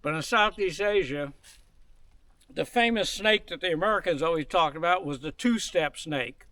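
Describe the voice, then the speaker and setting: A man's voice: on the high side, expressive, normal speed, sharp tone, no echo. An older man on a forest hike, talking casually and telling a story with dry humor, recorded outdoors on a camera mic. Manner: dry storytelling, chuckles at his own jokes. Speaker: hiking guide.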